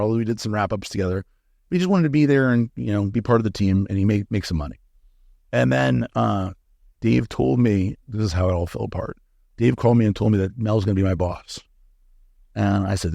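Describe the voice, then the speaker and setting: Gravelly-voiced man telling blunt stories. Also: lowish voice, darkish tone, no room sound. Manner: candid, profane, acts out quoted dialogue. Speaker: guest, supplement company founder. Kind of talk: casual interview storytelling.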